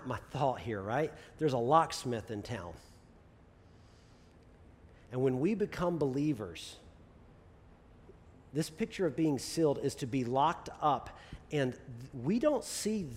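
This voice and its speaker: A male pastor preaching a sermon in a conversational style, peppered with "right?" asides and building to loud urging. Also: a little high, slightly rough. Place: church sanctuary. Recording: long hall reverb.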